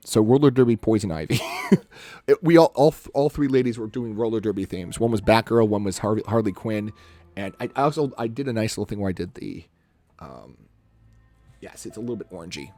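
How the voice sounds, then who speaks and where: Lively, chatty male streamer. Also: on the low side. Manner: chatty, talks himself through each step, quick laughs. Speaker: live-streaming photographer. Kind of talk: casual live-stream commentary while editing photos.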